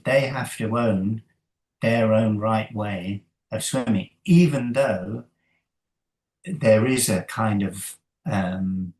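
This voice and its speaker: A man, a coach and interview guest, talking thoughtfully in a halting way with many fillers and soft laughs. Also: on the low side, rough recording. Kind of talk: conversational interview.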